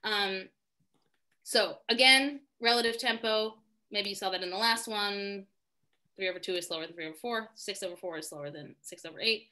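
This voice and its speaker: A woman's voice: medium pitch, normal speed, sharp tone. A woman teaching a live online singing class in a chatty, self-deprecating way, thinking aloud as she explains, heard over a video call. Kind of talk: live online music lesson.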